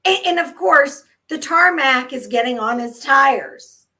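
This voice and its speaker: A woman in her fifties, co-hosting a casual chat and telling a story in an animated way, laughing often. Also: sits high, unhurried. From United States. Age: 50s. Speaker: co-host.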